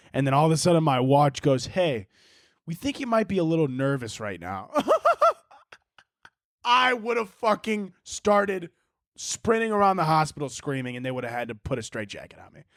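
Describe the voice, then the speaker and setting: A man's voice: medium pitch, no room sound, clean studio sound. A man hosting a casual solo podcast, rambling and swearing, often laughing and mocking things in silly voices. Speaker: podcast host.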